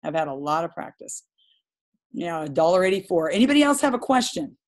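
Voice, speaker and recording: Woman, group coach, animated and direct, laughs easily. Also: fairly low pitch, brisk. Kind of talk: live group coaching call.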